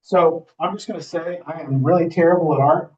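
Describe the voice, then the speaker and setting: A real estate trainer leads a live class in a training room, frequently checking in with his audience. His voice sits on the high side, with fairly even intonation, a brisk pace, and a slightly mellow quality. The recording sounds dull and muffled.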